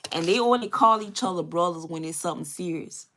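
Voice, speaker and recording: A beauty vlogger with a fairly low, slightly bright voice tells a story while doing makeup, speaking fairly quickly. She's loose and chatty, full of fillers and asides, with a little background noise.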